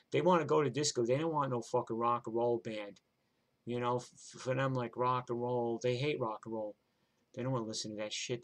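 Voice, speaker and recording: An older man with a New York accent telling a rambling, profane story from his own life in a streetwise way. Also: medium pitch. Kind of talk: live personal storytelling.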